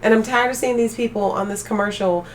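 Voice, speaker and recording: A young woman live streaming, chatting casually with her viewers and ranting with animated energy. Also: a little high, fast, distant mic, slight background noise. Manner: animated ranting, talks straight to chat.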